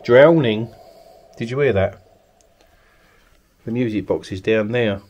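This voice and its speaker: A man's voice: medium pitch, slow pace, darkish tone, lo-fi sound, a little hiss or hum. A man from Kent, a paranormal investigator in an abandoned cottage at night, calling out politely to spirits and coaxing them to answer. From Kent, England. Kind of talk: ghost-hunting narration.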